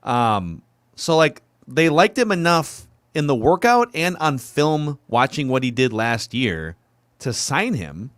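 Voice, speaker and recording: Animated mid-voiced man, dry close mic. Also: mid-range voice, slow pace, no room sound. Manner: animated, thinks aloud with restarts and questions. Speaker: podcast co-host. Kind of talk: casual sports talk.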